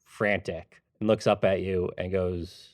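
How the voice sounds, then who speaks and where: A man narrating the scene as game master of a tabletop role-play, in a measured, descriptive way. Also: low-pitched, little pitch movement, dry recording, studio quality.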